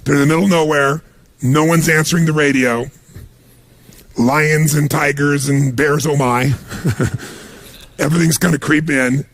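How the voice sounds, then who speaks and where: Male motivational speaker, gravelly husky voice, animated storyteller. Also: on the high side, a little slow, long pauses, no room sound. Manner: storytelling, acts out quoted voices. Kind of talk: motivational talk.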